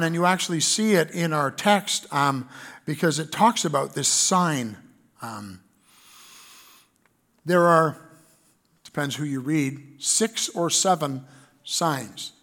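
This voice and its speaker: Canadian pastor guy preaching, kinda high voice, earnest, reads verses out with ums. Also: slow, pauses often, fairly bright tone. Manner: earnest preaching, reads scripture aloud with fillers. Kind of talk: sermon.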